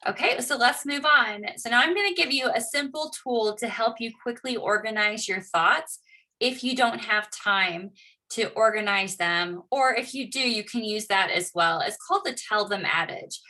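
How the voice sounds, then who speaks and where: A woman's voice: fairly high pitch, expressive, normal speed, bright, forceful tone. A woman teaching public speaking, explaining and encouraging her students. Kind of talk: class lesson.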